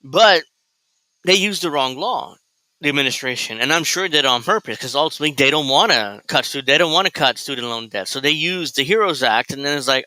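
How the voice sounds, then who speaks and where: A man's voice: fairly quick, dry recording, rough recording. A man hosting a live reaction show, talking casually and mockingly, often mimicking others in a raised voice. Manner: animated, mocking, mimics people in high voices. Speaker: host reacting to a video.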